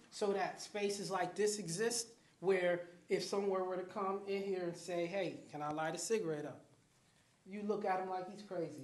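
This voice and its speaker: A man giving a lively talk at a community event, often putting questions to the audience. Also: high-pitched. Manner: animated, addresses the crowd with questions. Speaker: guest speaker, program manager. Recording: echoey hall.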